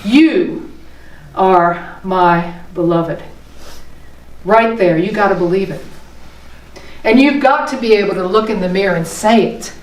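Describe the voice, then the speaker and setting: A woman's voice: mid-range voice, a little fast. Earnest woman preaching in an echoey hall. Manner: earnest, emotional, rises and falls between soft and passionate. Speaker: minister. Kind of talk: sermon. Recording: echoey room, voice from far off.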